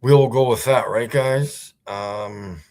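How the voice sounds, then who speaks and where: Slow-talking sarcastic male streamer. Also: medium pitch, a little mellow. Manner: sarcastic, rambling, many fillers. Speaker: livestream host. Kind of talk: casual livestream commentary.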